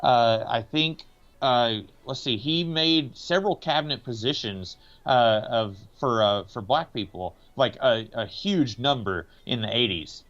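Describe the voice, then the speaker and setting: A man's voice: mid-range voice, animated, measured pace, fairly bright tone. A podcast co-host from the American South talks through a film in a casual, meandering way. He hesitates often and leans on filler words. The recording sounds a little dull and lo-fi. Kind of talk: casual movie discussion.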